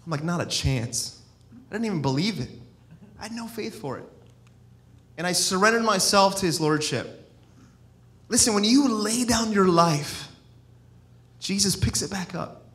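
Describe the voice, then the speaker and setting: A man's voice: high voice, fairly bright tone. A middle-aged man preaching a sermon in a free-flowing, personal storytelling style, with many restarts and asides. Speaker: evangelist-missionary. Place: church.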